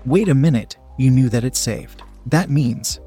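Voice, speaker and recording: A man's voice: medium pitch, expressive, a little slow, warm tone, slightly rough, faint music behind. A man voicing a dominant young man in a read-aloud story, growling and barking orders.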